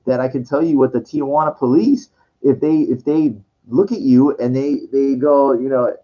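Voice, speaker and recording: A man's voice: medium pitch, fairly even intonation, moderate pace, dark tone. A man telling a rambling personal story full of restarts and swearing, breaking into quoted voices. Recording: dull lo-fi recording.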